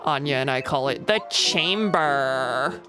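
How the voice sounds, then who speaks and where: A woman's voice: rumbling low, lively intonation, slow pace, music in the background. A young woman streaming a game from home, chatting casually and reading messages from chat aloud in a rambling way. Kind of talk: casual live-stream chat while gaming. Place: home room with a vocal booth beside her.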